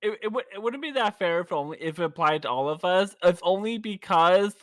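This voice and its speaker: A male stream guest with a slightly high, lively voice, stumbling through his points. The sound is dry and close. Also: fairly quick, no echo. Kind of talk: casual chat on a voice call.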